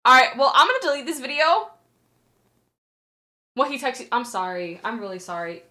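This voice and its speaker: A woman's voice: sits high, very animated, normal speed, sharp tone. A young woman streamer chatting casually with her viewers, often laughing and apologizing as she reads chat.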